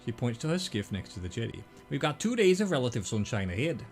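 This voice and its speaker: A man's voice: mid-range voice, very animated, fast, darkish tone, soft background music. A man putting on a weathered village woman, attempting an accent that doesn't come off. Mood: practical.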